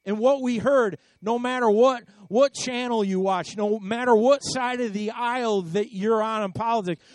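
A man's voice: extremely high pitch, no room sound. A man preaching a sermon in a conversational storytelling way, often repeating words and swelling into emphatic bursts. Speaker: pastor.

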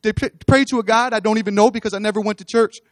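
A man's voice: sits high, steady tone, racing, no echo, clean studio sound. A man with children giving an earnest testimony sermon on a church stage, repeating his phrases as he builds toward exhortation. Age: adult, with children.

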